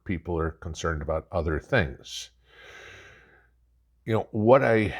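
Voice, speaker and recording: A man hosting a prepping channel, talking casually and sarcastically, mocking officials in put-on quotes. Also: deep voice. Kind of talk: casual commentary monologue.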